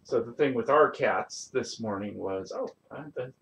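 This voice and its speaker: A man softly soothing and coaxing cats, often half-whispering, at home. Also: medium pitch, normal speed, creaky. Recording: noisy home stream audio.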